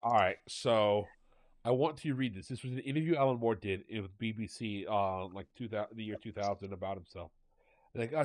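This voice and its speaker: A man co-hosting a podcast in casual chat, ranting in an animated, exasperated way. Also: fairly low pitch, moderate pace, no echo. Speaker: podcast co-host.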